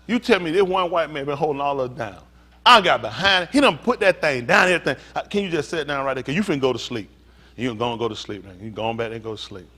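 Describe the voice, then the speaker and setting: A man preaching a sermon as pastor, swinging from hushed talk to shouting. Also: mid-range voice, animated, fast talker.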